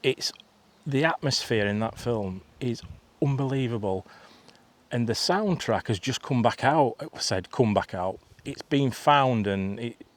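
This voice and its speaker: A man's voice: mid-range voice, animated, measured pace. A man, telling a rambling, chatty story for his vlog outdoors. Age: 50s. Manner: rambling, chatty, full of restarts and asides. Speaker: vlogger. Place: outdoors in a field.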